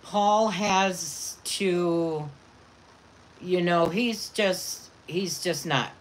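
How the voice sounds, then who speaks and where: Woman vlogger, relaxed and slow-spoken, fond baby talk to pets, faint background noise. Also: on the low side. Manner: doting baby talk to her dogs. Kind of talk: casual chat to viewers and pets.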